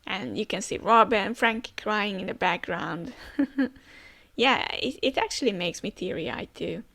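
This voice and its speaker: A woman's voice: mid-range voice, a little slow, creaky, a bit bright. A woman reading a comic aloud and reacting in a chatty, emotional way. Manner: chatty, emotional, laughs often. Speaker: manga reader reacting.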